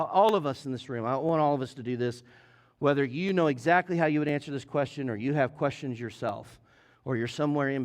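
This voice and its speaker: Male pastor, slightly higher voice, earnest sermon delivery, talks straight to the room. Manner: earnest, direct appeals to the congregation. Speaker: lead pastor. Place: church sanctuary.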